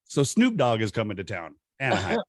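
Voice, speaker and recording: A middle-aged man hosting a podcast, telling stories in a casual, animated way and laughing often. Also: fairly quick, no echo, studio quality. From Southern California. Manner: animated, laughs often, acts out quotes in high voices. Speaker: podcast host. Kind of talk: casual storytelling chat.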